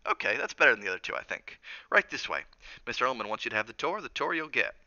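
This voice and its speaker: Brief: jovial Southern male cook, teasing and easygoing, bright reedy tone, voiced by a male reader. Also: medium pitch, sing-song, fast, no echo, dull audio, heavily acted. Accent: soft Southern US. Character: jovial tall male hotel cook, laughs a lot.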